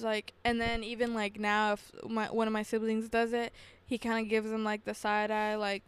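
A young woman co-hosting a casual podcast, telling childhood stories in an animated way and acting out what others said. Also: medium pitch, moderate pace, clean tone. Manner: storytelling, animated, acting out quotes. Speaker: podcast co-host. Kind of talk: casual chat.

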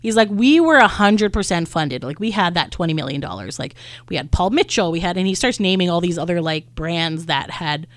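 A woman's voice: on the low side, a little fast, no room sound. A young woman, hosting a podcast and telling a story in casual chat, acting out what people said. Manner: chatty storyteller acting out quotes, lots of "like". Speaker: podcast host.

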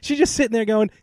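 A man co-hosting a podcast, telling stories in a casual chat and laughing often. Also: a little high. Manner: animated storyteller, laughs often. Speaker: podcast co-host.

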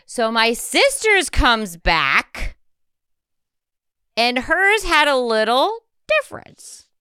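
A woman's voice: fairly high pitch, big pitch swings, takes it slowly, pushed and bright, smooth, no room sound, clean studio sound. A woman co-hosting a podcast, chatting casually and expressively, with frequent swearing. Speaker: podcast co-host. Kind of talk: casual chat.

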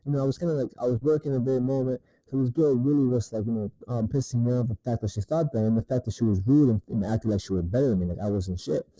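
Man with a very dark, mellow voice. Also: medium pitch, fast, few pauses, no echo, low-quality recording. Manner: rambling and profane, with many repeated "right?" tags. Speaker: podcaster. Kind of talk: casual storytelling rant.

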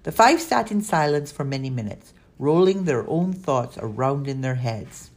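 A woman narrating a children's audiobook in a steady storytelling manner. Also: extremely low pitch, moderate pace.

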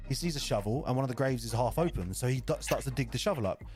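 Fast-talking man telling a story. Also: medium pitch, faint music behind. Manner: rambling, swears freely, animated storytelling. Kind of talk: casual storytelling chat.

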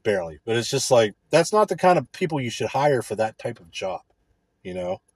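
A man in a casual, profane rant, crude, rambling and sarcastic, with a husky voice. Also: medium pitch, sing-song, a little fast, no room sound.

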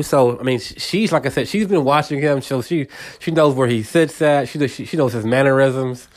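A man's voice: mid-range voice, a little slow. A man hosting a casual solo podcast, retelling a movie scene in a rambling way with many repeats. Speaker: podcast host.

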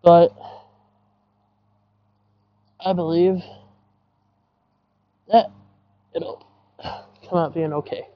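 Slow-talking rambling man, breathing heavily. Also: on the high side, fairly even intonation. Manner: rambling, apologetic. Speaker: podcast host. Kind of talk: casual rambling monologue. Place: outdoors in a yard. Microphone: not his usual headset. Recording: dull lo-fi outdoor recording.

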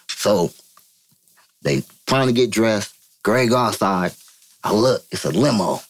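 A man from Vallejo, California, telling a story as an interview guest, profane and animated, acting out quotes in a higher voice. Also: normal speed. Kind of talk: casual storytelling.

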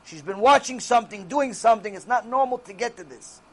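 Man, very high pitch, religious teacher, Torah lecture, emphatic, rhetorical questions. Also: a little fast. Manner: emphatic, answers his own rhetorical questions.

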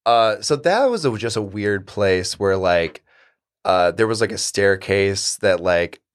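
A man's voice: lowish voice, lively intonation, unhurried. A young man telling loose, laugh-filled stories in a casual podcast chat, with lots of fillers. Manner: rambling, laughing, many fillers. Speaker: podcast guest.

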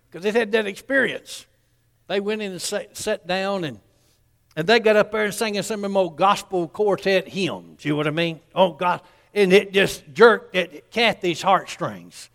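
A man's voice: high-pitched, moderate pace, gravelly, a bit bright, in a large hall. A man, preaching a sermon in a folksy storytelling way and acting out the people in his story.

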